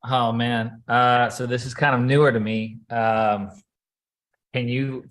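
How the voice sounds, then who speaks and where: A man's voice: medium pitch, level tone, slow, a bit bright. Hesitant male trainee. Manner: hesitant, apologetic.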